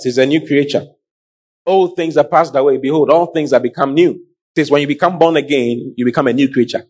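A middle-aged man preaching a sermon, calling out to the congregation in an animated way. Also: medium pitch, breathy edge. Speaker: pastor.

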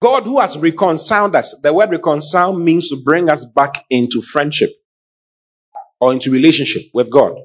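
A middle-aged man preaching a sermon, calling out to the congregation in an animated way. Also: fairly high pitch, moderate pace. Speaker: pastor.

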